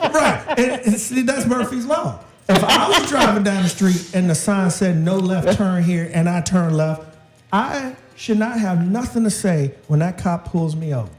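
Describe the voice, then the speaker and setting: A middle-aged man co-hosting a casual chat show, animated and joking, acting out quotes. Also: sits high, moderate pace, a little hiss or hum, low-quality recording. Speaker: co-host.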